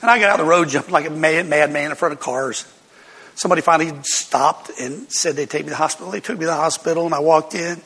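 A man's voice: fairly high pitch, fast, fairly bright tone, slightly rough, big-room sound. An older man, a pastor, telling a personal testimony to his congregation as an emotional storyteller who laughs between lines.

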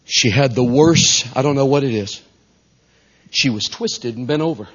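A man with a Southern US accent preaching a storytelling sermon, folksy and animated, dropping to a hush and then rising loud. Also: medium pitch, moderate pace, slightly rough. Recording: dull lo-fi recording.

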